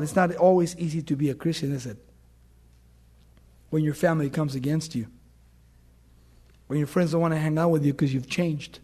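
A middle-aged man preaching a sermon, telling stories and swinging from loud emphatic bursts to soft hushed words. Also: on the high side. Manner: storytelling with anecdotes, fillers and restarts.

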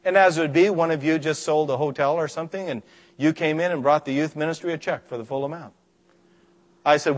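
A man's voice: on the high side, brisk. A man preaching a sermon, telling stories and acting out the voices of the people in them. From Scotland. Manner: animated, acts out voices in stories. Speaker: pastor. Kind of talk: sermon with storytelling.

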